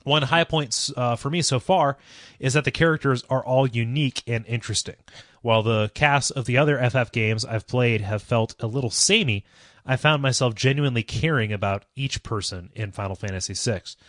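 A man co-hosting a casual podcast, relaxed, laughing easily and trailing off quietly. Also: medium pitch, normal speed, no echo, clean studio sound. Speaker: podcast co-host.

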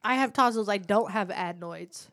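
A woman's voice: mid-range voice, normal speed, fairly bright tone, no echo, clean studio sound. An American woman with a stuffy head cold, talking bluntly and at length as a podcast co-host. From United States. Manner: talkative, blunt, with swearing. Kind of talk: casual chat. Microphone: studio mic.

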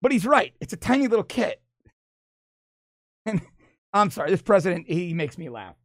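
A middle-aged man holding forth as a political commentator, his pitch swinging widely as he mocks his targets and breaks into laughter. His voice sits a bit high for a man and sounds close and dry, with no room around it. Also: moderate pace, no room sound. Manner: animated, mocking, laughs while talking. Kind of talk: opinion monologue.

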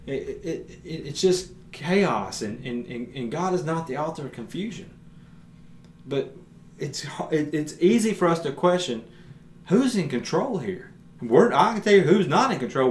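A man's voice: mid-range voice, a little hiss or hum. Earnest man preaching in an echoey room. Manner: earnest, retells scripture in plain everyday words. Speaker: podcast preacher. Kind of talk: conversational Bible teaching. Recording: roomy echo.

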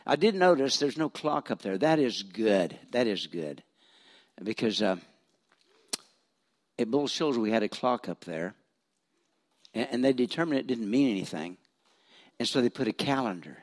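A man's voice: medium pitch, lively intonation, moderate pace, long pauses. A retired pastor in his seventies from Missouri preaching in a church, telling stories with self-deprecating humor and frequent restarts. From Missouri, USA. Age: 70s. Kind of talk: folksy storytelling sermon.

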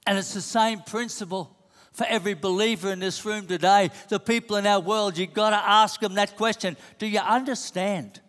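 A man's voice: high-pitched, fairly even intonation, a little fast, a bit bright. A man preaching a sermon, pressing the same questions again and again with emphasis. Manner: emphatic, repeats rhetorical questions. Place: church hall. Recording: long hall reverb.

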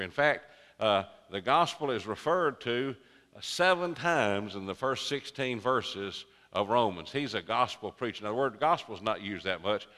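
An older man preaching a sermon as pastor, in a folksy, unhurried way that builds to emphatic peaks. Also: medium pitch, fairly bright tone. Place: church sanctuary. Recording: long reverberant sanctuary.

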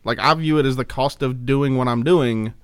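A man's voice: medium pitch, normal speed, smooth, no echo, clean studio sound. A man co-hosting a podcast in casual chat, telling stories in a rambling, filler-heavy way. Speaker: podcast co-host.

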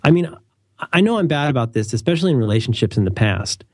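A man's voice: medium pitch, sing-song, fast, dry recording, clean studio sound. A young adult man co-hosting a casual talk show. He rambles, corrects himself often and adds wry asides. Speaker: podcast co-host. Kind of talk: casual conversational chat.

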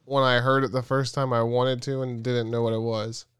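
This podcast co-host is a man with a mid-range, level voice at normal speed, slightly bright, clear and resonant. He's laid back in casual chat, swearing freely and laughing often. The recording is dry and studio quality.

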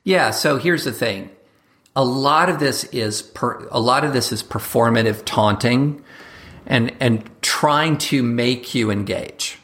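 A male guest commentator speaking in a relaxed, conversational interview. He talks quickly and animatedly, with a mid-range voice. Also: medium pitch. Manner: quick, animated talk with mock voices for examples.

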